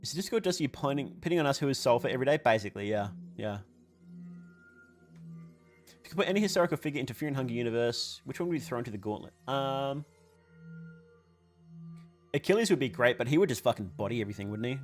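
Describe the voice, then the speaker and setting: A man's voice: mid-range voice, expressive, fast, long pauses. Sex: man. Role: tired livestream host. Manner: rambling, swearing, laughing often. Behind: faint music. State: tired, voice weakening. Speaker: livestream host answering chat. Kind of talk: casual chat, reading viewer questions.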